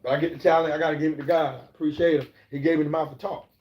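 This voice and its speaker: Casting: middle-aged male streamer, fairly high voice, rambling and profane, echoey lo-fi room. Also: fairly even intonation, very fast. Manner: loose and profane, rambling, preachy asides. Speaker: live streamer. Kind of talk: casual live-stream talk. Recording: echoey, dull lo-fi room sound.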